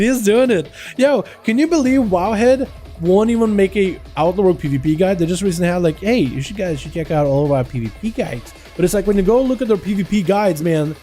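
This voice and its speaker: A man streaming live, commentating game duels in an excitable, chatty way and talking to his chat. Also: sits high.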